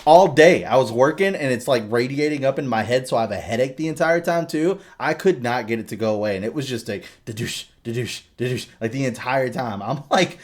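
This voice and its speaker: A young adult man chatting casually on a podcast, telling animated stories and swearing freely. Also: a little high, fast talker. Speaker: podcast co-host. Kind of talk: casual chat.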